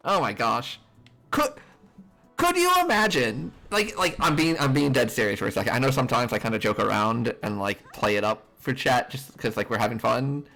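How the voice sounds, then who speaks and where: A young man streaming a game, reacting with animated, exasperated, laughing commentary. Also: medium pitch, normal speed, gravelly. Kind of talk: casual let's play commentary. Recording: voice over game music.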